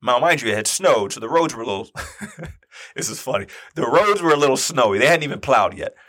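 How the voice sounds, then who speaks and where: A man in his thirties with a medium-pitched voice tells a personal story in casual conversation, speaking briskly. He gets animated and acts out the quoted dialogue.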